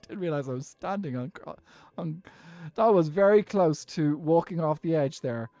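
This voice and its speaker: A man's voice: on the high side, expressive, moderate pace, dark tone, no room sound. An Irish man streaming a game, chatting casually and rambling with frequent laughs. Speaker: Minecraft streamer. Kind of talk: casual chat while gaming and reading chat.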